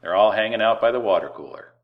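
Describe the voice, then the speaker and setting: A man preaching a sermon, lively and conversational, drawing words out for emphasis and acting out everyday voices. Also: lowish voice, lo-fi sound. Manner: animated preaching, slows words for emphasis and acts out quoted voices. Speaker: pastor.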